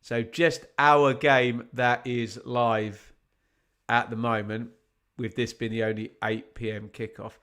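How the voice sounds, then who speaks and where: A man commentating live on a football match for an online watch-along. He chats to his viewers, reads out the other scores and keeps asking the chat rhetorical questions. His pitch sits at an ordinary middle level for a man. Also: unhurried, a bit bright.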